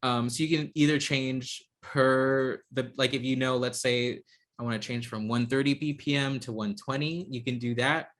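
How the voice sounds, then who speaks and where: A man leads an online software class from a video call mic. His talk is hesitant, with frequent ums and false starts, and sits at an ordinary middle pitch. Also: fairly even intonation, moderate pace. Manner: hesitant, lots of ums and restarts. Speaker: instructor.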